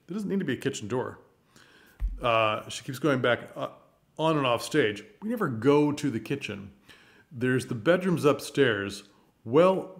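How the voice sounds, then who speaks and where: Man, casual advice monologue, coaching tone, rhetorical questions, mid-pitched voice. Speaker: theater channel host.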